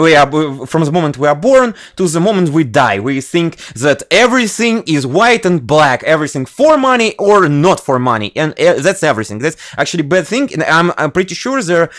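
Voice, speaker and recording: A man's voice: on the high side, very animated, fast, hardly any pauses, a bit bright, no room sound, clean studio sound. A man from Russia with a Russian accent, hosting a casual podcast in English, hesitant and full of fillers and restarts. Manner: hesitant, many fillers and restarts, laughs often. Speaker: podcast host.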